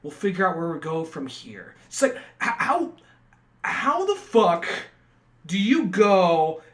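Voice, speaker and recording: A podcast co-host with a high, very animated voice that's slow-paced and a bit bright rambles through casual chat. He swears as he retells scenes from memory and laughs at his own retellings.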